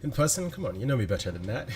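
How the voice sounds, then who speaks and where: A man's voice: mid-range voice, very animated, fast talker, a little hiss or hum, voice pushed up, lightly acted. A man voicing a devoted male lover reading out a tender, teasing farewell letter in a tabletop game.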